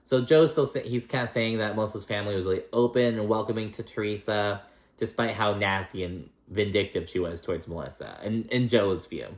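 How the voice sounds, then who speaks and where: A man's voice: on the low side, fairly quick. A man casually recapping a reality show, swearing freely and acting out what the cast members said. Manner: profane, animated, acts out quotes. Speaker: host. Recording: echoey room.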